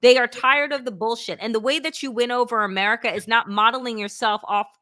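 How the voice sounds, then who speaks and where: A woman's voice: on the high side, fairly even intonation, fast talker, sharp tone. A woman hosting a political talk show, speaking emphatically and swearing for emphasis. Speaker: host.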